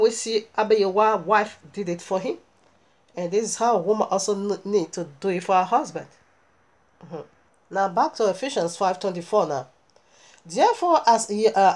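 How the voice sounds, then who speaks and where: A woman preaching a sermon, reading scripture aloud and explaining it verse by verse with emphatic exhortations. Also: medium pitch.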